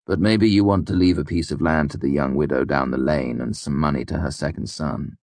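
Guy reading a worldly innkeeper, low voice, wry and knowing. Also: a little fast, a little mellow, no echo. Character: worldly, patient male innkeeper.

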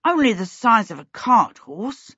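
A woman's voice: on the high side, very animated, measured pace, fairly bright tone, husky, dry recording, full character voice. A woman voicing a flustered young boy apprentice wizard who sounds anxious and apologetic, in a storybook reading. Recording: dry, slightly dull recording.

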